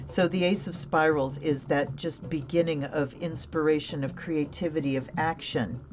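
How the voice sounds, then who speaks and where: A woman's voice: sits low, steady tone, normal speed, over music. A woman hosting a casual live tarot reading, chatting, laughing often and answering viewer comments. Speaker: tarot reader and livestream host.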